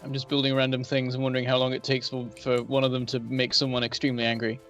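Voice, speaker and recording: A man's voice: medium pitch, monotone, fast, a bit bright, soft background music. Dry, matter-of-fact man gaming with friends. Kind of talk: casual multiplayer gaming chat.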